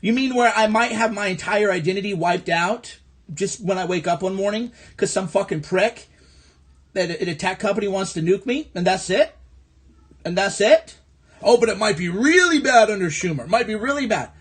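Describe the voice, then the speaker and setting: Speaking into his phone, an adult Midwestern American man livestreams an angry, profane political rant, hammering his points with sarcastic repetition. His voice is high for a man, fairly bright and slightly rough, with lively intonation at a normal speed.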